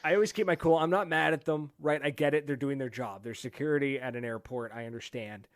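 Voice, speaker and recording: A man from Canada hosts a casual podcast. He tells his story with energy, acts out other people's lines and laughs often. His voice is mid-pitched and sounds dry and close to the mic. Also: fairly even intonation, quick pace, no room sound. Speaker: podcast host. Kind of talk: casual chat, telling a story.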